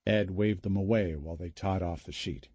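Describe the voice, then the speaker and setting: Low, dark, husky male narrator. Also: no echo, highs cut off. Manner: measured, even storytelling. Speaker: audiobook narrator. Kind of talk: scripted narration.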